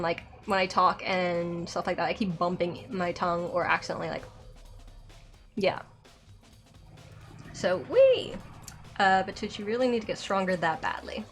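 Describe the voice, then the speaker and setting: A young woman streamer with a Southern accent and a slight lisp, rambling through a game playthrough with lots of filler likes. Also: medium pitch. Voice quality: slight lisp from a dental aligner. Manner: rambling, self-conscious, many filler likes. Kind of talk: live-streamed game playthrough, reading dialogue aloud.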